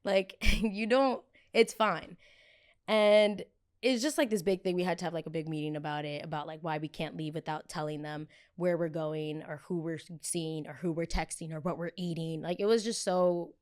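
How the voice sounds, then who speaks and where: A woman in her twenties hosting a podcast, telling a story in a casual, animated way, acting out arguments and swearing freely. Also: lowish voice, normal speed. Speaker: podcast host.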